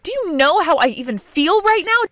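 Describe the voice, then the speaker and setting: A woman's voice: very high voice, big pitch swings, moderate pace, fairly bright tone, no room sound, clean studio sound, heavily acted. A woman voicing a humiliated young bride in an acted relationship story, indignant and accusing. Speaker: voice actor in a story video. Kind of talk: scripted voice acting. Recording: faint background music.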